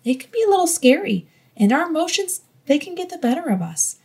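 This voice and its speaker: A woman giving a devotional Bible teaching in an earnest, gently encouraging way. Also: extremely high pitch, sing-song, brisk.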